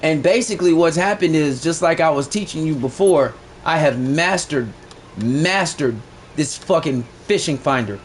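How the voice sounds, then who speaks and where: A man livestreaming a game, chatting casually in a boastful, profane, slangy way that gets loud when excited. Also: on the high side, a little hiss or hum. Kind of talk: casual live-stream chat.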